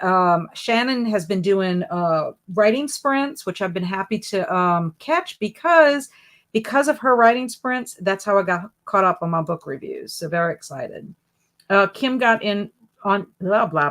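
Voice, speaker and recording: A woman's voice: medium pitch, expressive, a little slow. A woman hosting a casual reading livestream, reading out viewer comments and greeting each person by name in a friendly way. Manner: friendly, jumps up bright on greetings. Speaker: booktube livestream host.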